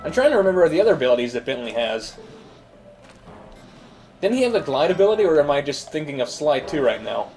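A man's voice: a little high, sing-song, fast talker, long pauses, a little mellow, soft background music. Chatty man narrating gameplay. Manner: chatty, thinks aloud. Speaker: let's play host. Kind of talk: gameplay commentary.

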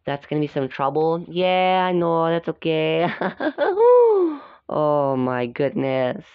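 A woman's voice: low voice, steady tone, a little slow, clear, resonant tone, no echo. A woman casually reading a storybook aloud, stopping to chat and comment on the pictures. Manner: chatty, stops to comment on the pictures. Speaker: storybook reader. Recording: dull, dry lo-fi recording.

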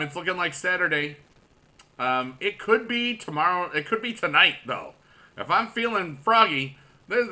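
A man in his forties, a mobile game YouTuber, chatting casually and excitably while he plays, with goofy loud shout-outs to viewers. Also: a little high. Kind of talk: casual gaming commentary.

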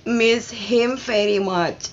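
Emotional Indonesian woman, slow halting English. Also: a little high, highs cut off, a little hiss or hum. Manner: halting non-native English, emotional and earnest. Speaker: reaction video host. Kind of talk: casual reaction commentary.

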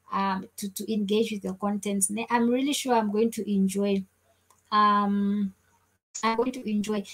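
A woman's voice: a little high, a bit bright, low-quality recording. A woman hosting a casual live stream, chatting effusively and thanking viewers over and over. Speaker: livestream host.

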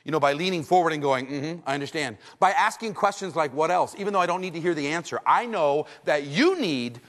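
Animated man lecturing in a hall. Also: a little high, fairly quick. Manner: expressive, acts out scenes, jokes with the audience. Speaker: trainer. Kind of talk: animated seminar talk.

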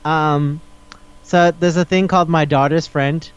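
A man's voice: fairly high pitch, fairly even intonation, unhurried, clear, resonant tone, dull audio. A man co-hosting a podcast who chats casually, recaps stories with energy, acts out quotes and swears freely. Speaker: podcast co-host. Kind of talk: casual chat.

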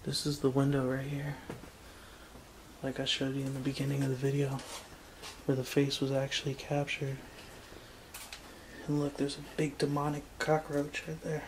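A frightened man filming a paranormal vlog alone in an old house, switching between hushed whispers and loud calls to the spirits. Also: medium pitch, completely flat delivery, moderate pace, long pauses, slight background noise, rough recording. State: frightened, anxious. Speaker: paranormal vlogger. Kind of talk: ghost-hunting vlog. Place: old abandoned house, indoors.

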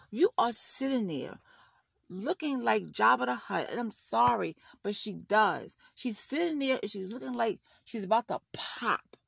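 Woman, gravelly voice, dry close sound, blunt heated ranting, casual reaction vlog. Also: fairly high pitch, moderate pace, no room sound. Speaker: YouTube reality-show commentator.

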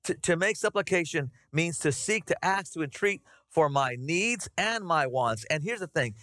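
A middle-aged man preaching a conversational, animated sermon to his congregation. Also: on the high side, normal speed, dry recording, clean studio sound. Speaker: pastor. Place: church sanctuary.

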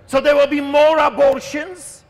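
High, fervent shouting street preacher man. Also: little pitch movement, measured pace, long reverb tail. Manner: fervent, declamatory, often shouting. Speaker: street pastor. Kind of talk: open-air street sermon. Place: outdoors in the wind.

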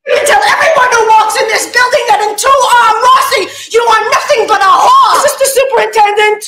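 An actress in a film scene playing a furious jilted wife who screams accusations at a building superintendent. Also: female voice, very high voice, a little fast. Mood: furious shouting. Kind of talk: dramatic film acting. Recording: echoey film clip with loud noise.

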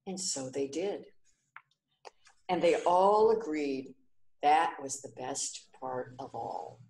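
A woman reading a children's story aloud clearly and expressively. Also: sits low, animated, takes it slowly, long pauses, darkish tone, echoey room.

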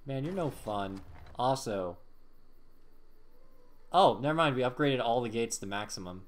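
A man's voice: mid-range voice, animated, unhurried. A man in casual gaming banter with a friend, joking and defensive, laughing often. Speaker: gamer co-streaming.

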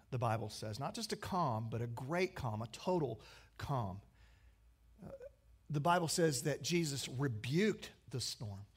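A man preaching a sermon, swinging between emphatic, raised lines and hushed, quiet ones. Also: medium pitch. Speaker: pastor.

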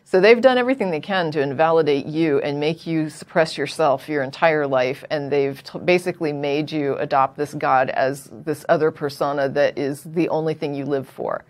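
A woman's voice: sits low, normal speed, hardly any pauses, a little mellow. A woman co-hosting a call-in show, talking to a caller in a direct, earnest, explaining way. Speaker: co-host.

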